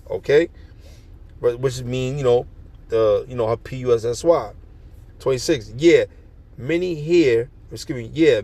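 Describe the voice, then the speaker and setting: A man's voice: medium pitch, a little mellow. A man reading scripture verse by verse and explaining it in slangy, profane street talk. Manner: reads verses then riffs in slangy, profane commentary. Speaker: street preacher.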